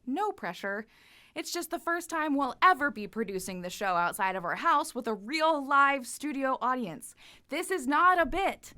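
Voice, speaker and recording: A woman's voice: high-pitched, expressive, sharp tone. A woman in her thirties hosting a livestream variety show from home in a playful, campy manner. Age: 30s. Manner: playful, campy and quick-witted. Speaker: host. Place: home studio.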